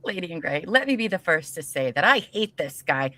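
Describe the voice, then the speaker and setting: Low, bright-toned woman chatting. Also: sing-song, dry recording. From US Midwest. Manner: chatty, playful, quick teasing banter. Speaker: podcast co-host. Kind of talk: casual podcast chat.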